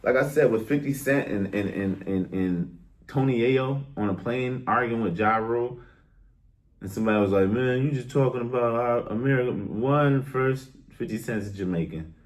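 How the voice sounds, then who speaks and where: A young vlogger rants bluntly to his viewers on camera, casual and exasperated, his talk full of street slang. His voice is fairly low, at a normal speed.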